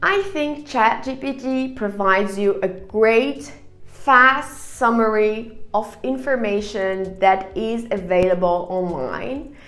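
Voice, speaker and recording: A woman's voice: on the high side, slow pace, a bit bright, echoey room, soft background music. A woman teaching English online, explaining grammar step by step and reading answers aloud.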